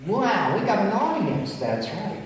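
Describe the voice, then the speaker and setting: A man voicing a cocky, wisecracking macaw puppet with deadpan quips, heard from far off in an echoey hall. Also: high voice, a little slow, a little hiss or hum, voice pushed up. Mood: smug. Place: large hall stage. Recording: distant echoey hall recording.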